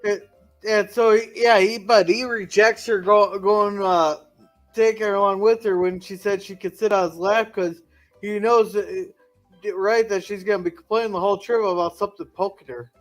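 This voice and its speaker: A man with a high voice joins a casual chat about a classic sitcom. He keeps agreeing and throws in quick jokes. Faint music plays behind him. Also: fairly even intonation. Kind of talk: casual episode commentary.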